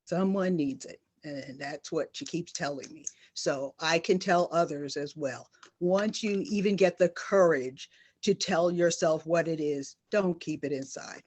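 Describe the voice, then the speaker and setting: This nurse guest speaker, a middle-aged woman, has a low, darkish voice and a measured pace. Her panel testimony is personal, earnest and emphatic, with key phrases repeated for weight.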